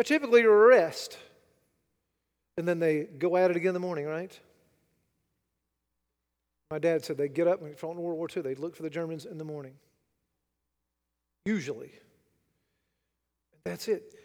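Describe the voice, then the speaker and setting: A man preaching a sermon, dramatic and rhetorical, swinging between loud declarations and hushed asides. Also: high voice, long reverb tail. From United States. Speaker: pastor.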